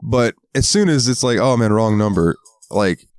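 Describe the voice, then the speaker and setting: A Southern American man co-hosts a podcast, his fairly low voice animated and at a normal pace, recorded studio-clean with no echo. He chats casually and tells stories, acting out quotes in a raised voice and swearing often.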